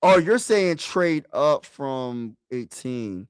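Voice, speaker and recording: Guy streaming to his chat, aave slang, keeps repeating himself, mid pitch, dry close sound. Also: big pitch swings, takes it slowly, smooth, no echo. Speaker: sports streamer. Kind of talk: live-stream mock draft chat.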